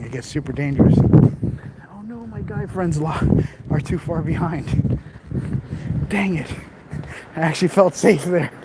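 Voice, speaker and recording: Man, casual live-stream chat, a touch high-pitched, walking outdoors, phone camera, loud street noise behind. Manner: chatty, reads viewer comments aloud. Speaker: livestream vlogger. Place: city streets outdoors at night. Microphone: handheld phone camera.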